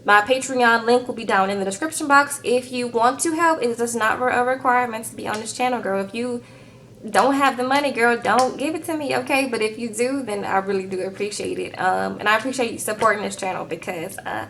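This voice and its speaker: Chatty woman with a higher voice. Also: slight background noise. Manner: animated, chatty, keeps calling viewers "girl". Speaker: reality TV recap host. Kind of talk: casual chat recap.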